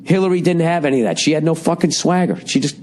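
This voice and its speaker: Guy ranting on his podcast, swears a lot, sarcastic, voice kinda strained and cracking, bit higher pitch, faint hiss behind. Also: quick pace, a little mellow. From United States. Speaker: podcast host. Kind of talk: casual monologue.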